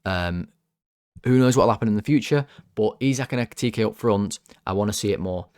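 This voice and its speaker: A man's voice: on the low side, fairly quick, a little mellow, dry recording, clean studio sound. A man hosting a fan channel, chatting casually through player ratings, joking and rambling off topic. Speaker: football fan channel host.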